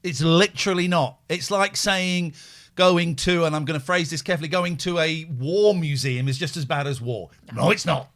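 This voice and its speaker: A middle-aged man co-hosting a podcast, giving sarcastic, animated commentary on an old soap. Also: a little high, normal speed. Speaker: podcast co-host. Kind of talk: casual comedic commentary.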